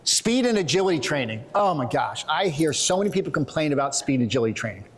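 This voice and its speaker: Quick, joking male conference speaker. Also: on the high side. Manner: animated, quick, joking storyteller. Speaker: conference presenter. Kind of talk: conference talk. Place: conference hall.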